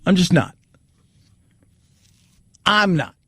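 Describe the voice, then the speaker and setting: A male talk radio host riffs through casual commentary in a fairly high, very lively voice, repeating phrases for emphasis. The studio sound is close and dry. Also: very slow, breathy edge, no echo. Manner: animated, riffing, repeating himself for emphasis.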